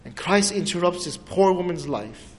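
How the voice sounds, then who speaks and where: High-voiced man preaching in a reverberant hall. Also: normal speed. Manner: animated storytelling with dramatic pitch swings and soft drops. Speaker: pastor. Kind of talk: sermon.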